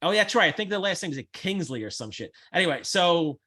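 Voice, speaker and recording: A man hosting a casual chat, blunt, brash and profane, with animated storytelling. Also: high voice, fast. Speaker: host.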